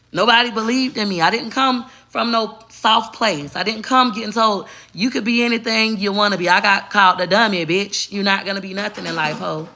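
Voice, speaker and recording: A woman's voice: on the low side, vocal fry, bright, forceful tone, slight background noise. A middle-aged woman vlogging in brash, emphatic casual talk, repeating her points.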